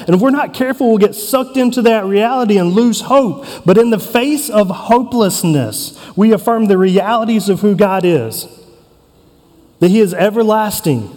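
A man with a notably high voice delivers a sermon as a pastor, earnest and emphatic, leaning on dramatic pauses. His words ring out with a long reverb, as in a large church sanctuary. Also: darkish tone.

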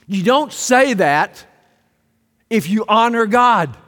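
A man preaching a sermon as pastor, emphatic and rising to loud exclamations. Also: high voice, expressive, slow. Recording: long reverb of a large hall.

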